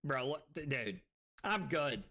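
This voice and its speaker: Tipsy male streamer, rowdy and profane, bright tone, slow drawl between wild yells. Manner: excitable, swinging from loud shouts to low muttering; profane, laughing banter with chat. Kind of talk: live stream commentary on a card game.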